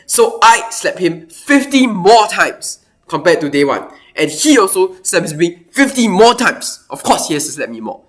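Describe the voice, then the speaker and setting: Brief: male tutor, lively up-and-down delivery, walks through a worked math question. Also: high-pitched, a little slow. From Singapore. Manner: animated, thinking aloud with exclamations. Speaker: math teacher. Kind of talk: explaining a worked math problem.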